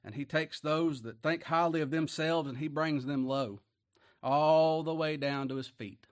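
Folksy preacher swinging loud and low. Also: male voice, a little slow. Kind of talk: sermon.

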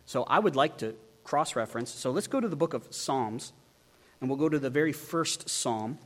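A man preaching an expository sermon, emphatic and animated, asking the listeners many rhetorical questions. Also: medium pitch, moderate pace. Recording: long hall reverb.

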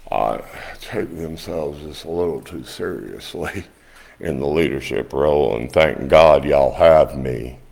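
A man preaching a sermon, telling folksy stories in an animated way. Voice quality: low gravelly voice. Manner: folksy, animated storytelling, rising high when quoting others. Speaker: pastor. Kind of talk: storytelling sermon.

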